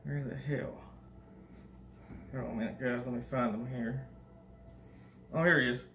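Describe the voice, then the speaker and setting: A man's voice: mid-range voice, steady tone, moderate pace, vocal fry, background noise, close to an everyday voice. A man doing a crude, bragging governor. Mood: ranting. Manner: rambling, profane and bragging. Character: crude boastful older male state governor. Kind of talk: comedic impression monologue. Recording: echoey room.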